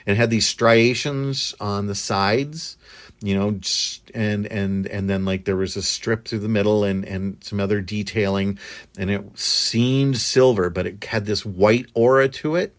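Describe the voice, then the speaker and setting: Man, lowish voice, halting storytelling, lots of fillers and restarts. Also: steady tone. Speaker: guest recounting an experience. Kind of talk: casual storytelling.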